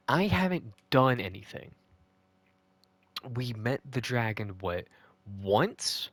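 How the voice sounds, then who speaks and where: Frustrated and profane, a male gaming video host rants his way through a casual recap of a video game. He speaks slowly in a mid-range voice, with no room sound in the recording.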